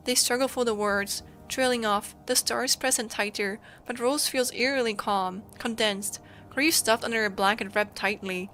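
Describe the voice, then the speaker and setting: High-voiced woman reading a story aloud. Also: normal speed. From Germany. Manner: expressive, emotional storytelling. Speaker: streamer.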